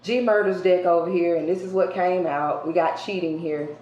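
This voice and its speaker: A woman doing a casual tarot card reading for her viewers. She talks colloquially and emphatically, jumping between loud outbursts and hushed asides. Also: fairly low pitch, fairly even intonation, moderate pace, highs cut off. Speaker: tarot reader. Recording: roomy echo with faint background hiss.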